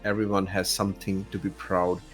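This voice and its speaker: Low-voiced relaxed male co-commentator. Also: fairly quick, faint music behind. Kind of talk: live stream race commentary.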